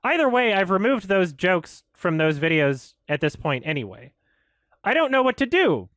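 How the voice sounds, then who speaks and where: A frustrated man rants on his commentary show. His voice sits high and leaps all over the place as he swears and vents. The sound is dry, with no room echo. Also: normal speed. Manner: frustrated, swearing, animated ranting. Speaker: YouTube commentator. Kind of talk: ranting commentary.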